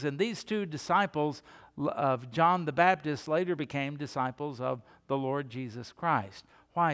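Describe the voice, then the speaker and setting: A man's voice: fairly high pitch, clear, resonant tone, in a large hall. A male pastor preaching a sermon, building emphasis with rhetorical questions and repeated phrases.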